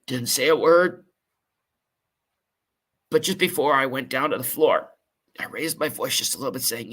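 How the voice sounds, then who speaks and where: Earnest husky man telling a painful story. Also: mid-range voice, a bit bright. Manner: earnest, emotional, halting with fillers. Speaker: podcast host. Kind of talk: personal storytelling monologue.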